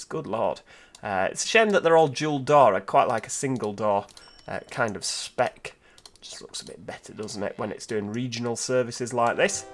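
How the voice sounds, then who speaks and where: A man's voice: medium pitch, a bit bright, a little hiss or hum. A man giving casual let's-play commentary, thinking aloud and asking rhetorical tag questions. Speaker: gameplay commentator.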